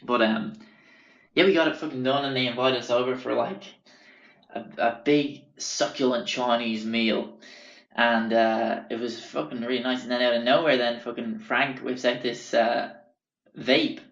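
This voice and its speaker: A young man telling a story in a rambling, swear-filled way, full of fillers and restarts, at a middle pitch. He sounds like he is in a roomy space. The recording is a bit dull. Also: fairly even intonation, moderate pace, a bit bright. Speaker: podcast host. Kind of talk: casual storytelling.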